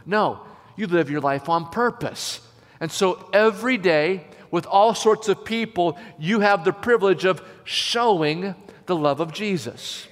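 High-voiced pastor preaching in a hall. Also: male voice. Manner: emphatic, slows down to stress key phrases. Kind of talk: sermon. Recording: long hall reverb.

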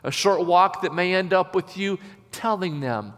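A man preaching a sermon as a pastor, emphatic and slowing down to stress key phrases. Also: sits high, expressive, a bit bright, soft background music. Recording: long hall reverb.

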